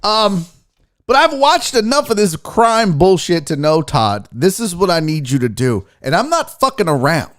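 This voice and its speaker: A man hosting a sports talk livestream, a little drunk, joking loudly with his chat and swearing often. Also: high voice, very animated, moderate pace. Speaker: sports talk show host.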